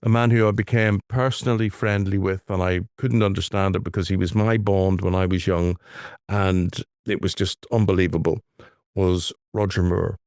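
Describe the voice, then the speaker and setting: A man's voice: deep voice, fairly even intonation, normal speed, a little mellow, smooth, dry recording, clean studio sound. A man co-hosting a podcast, chatting casually and telling stories, acting out the voices of the people he quotes. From Ireland. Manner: storytelling, acts out quoted voices. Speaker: podcast co-host. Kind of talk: casual chat, anecdotes. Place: London.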